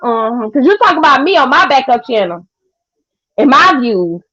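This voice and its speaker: A young woman, chatting casually with viewers on a livestream in a sassy, trash-talking way with loud cackling laughs. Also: sits high, sing-song, moderate pace, no room sound. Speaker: livestream host. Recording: dull lo-fi stream audio.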